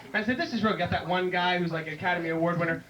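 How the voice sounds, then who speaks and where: A man doing a rambling stand-up set in a comedy club, slipping into high-pitched voices for his characters. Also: racing, a bit bright, far from the mic. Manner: rambling joke-telling with high-pitched impressions. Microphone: handheld stage mic, drifting off it.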